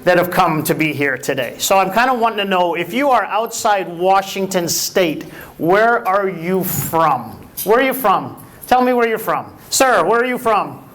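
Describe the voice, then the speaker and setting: A man with a strikingly high voice works the room as emcee at a luncheon. He teases and chats with the crowd in a loose, playful way. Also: lively intonation, moderate pace, a bit bright. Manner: playful, teasing, chatty with the audience. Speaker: event emcee. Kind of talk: lively crowd work at a luncheon.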